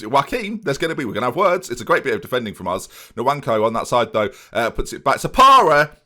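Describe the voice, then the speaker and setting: Jokey, animated man. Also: mid-range voice, fast. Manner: jokey, self-mocking, excitable. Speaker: gaming YouTuber. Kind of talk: casual Football Manager let's play commentary.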